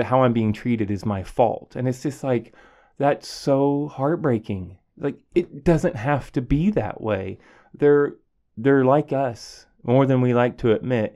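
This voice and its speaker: Speaking in a fairly low, darkish voice, a teacher who hosts a podcast delivers a sincere, reflective personal monologue about his classroom. He frequently restarts his sentences and leans on fillers.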